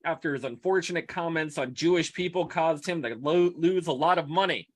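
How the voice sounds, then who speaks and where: A man co-hosting a podcast in casual comedic chat, wry, haltingly reading out news stories. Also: a little high, no room sound. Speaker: podcast co-host.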